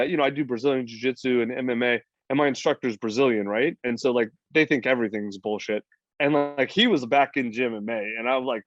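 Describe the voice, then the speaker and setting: A man's voice: mid-range voice, dry recording. A man, a podcast guest talking casually, blunt and profane, rambling with lots of fillers. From United States. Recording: slightly dull, dry lo-fi audio.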